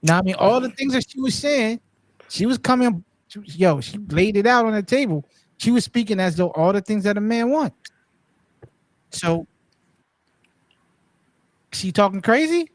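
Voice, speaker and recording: A man hosting a casual panel chat over a call on headphones. He talks in an animated, slangy way, often cutting in and repeating himself. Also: high-pitched, normal speed, pauses often, no echo. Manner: animated, interrupts a lot, slangy and repetitive. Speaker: podcast host. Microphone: headphones on a remote call.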